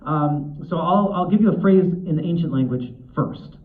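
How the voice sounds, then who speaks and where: In a tinny, echoey hall recording, a man with a slightly high voice and lively intonation speaks at a moderate pace on a convention panel. He's an author and guest there, talking in a chatty, self-deprecating way that's full of fillers and restarts.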